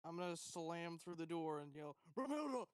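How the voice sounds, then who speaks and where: Smooth, stammering tabletop player. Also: medium pitch, level tone, moderate pace, dry recording. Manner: stammering, eager. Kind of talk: casual tabletop play.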